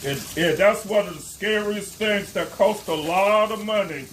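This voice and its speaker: A man's voice: high voice, a bit bright, slight background noise. A man filming a casual how-to vlog on his phone, earnest and devout, often stammering and correcting himself. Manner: halting, stammering, self-correcting. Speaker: homeowner vlogger.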